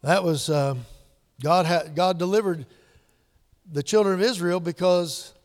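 A male pastor preaching a sermon, dropping to hushed whispers and rising to loud, emphatic peaks. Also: sits high, a little slow. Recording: long hall reverb.

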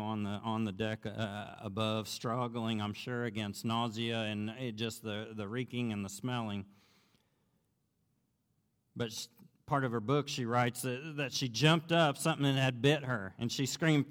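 A man preaching a sermon, telling a story in an earnest, conversational way that grows animated as he goes. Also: mid-range voice. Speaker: pastor. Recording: long reverb of a large hall.

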